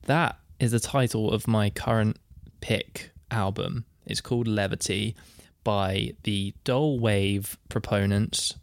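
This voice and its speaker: A man's voice: fairly low pitch, steady tone, takes it slowly, dry recording, studio quality. A man co-hosting a casual music podcast, reading out definitions and quotes and laughing easily. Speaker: podcast co-host.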